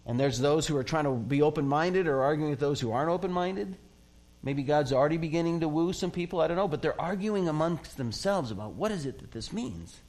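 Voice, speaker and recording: A man preaching a sermon as a pastor, in a conversational way, acting out quoted voices and often laughing. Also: a little high.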